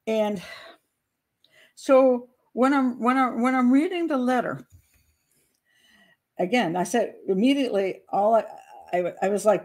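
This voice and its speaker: A woman hosting a casual commentary show as a criminal profiler, rambling and self-deprecating, often pausing to search aloud for her notes. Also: a little high, lively intonation, a little mellow.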